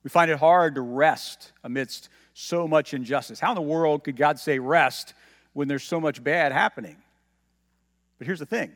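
A man preaching a sermon in a slightly higher voice, with the sound carrying long echoes through a church hall. He teaches through the passage, stresses scripture as he reads it aloud and asks his listeners questions along the way. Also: normal speed, a bit bright. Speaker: pastor.

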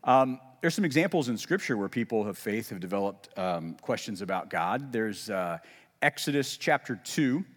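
A man preaching a sermon in a casual, conversational way, with self-deprecating humor and lively emphasis when quoting. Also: lowish voice, normal speed, in a large hall. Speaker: pastor.

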